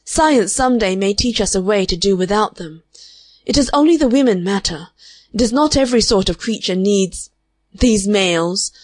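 A woman reading an audiobook, voicing a fervent, prim spinster who preaches against men in a high-strung, vehement way. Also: lively intonation, normal speed, no echo, lightly acted. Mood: scornful. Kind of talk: audiobook character voice.

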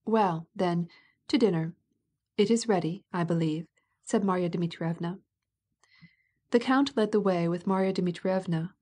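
A woman narrating a classic novel as an audiobook, in a calm, measured, even manner. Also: fairly low pitch.

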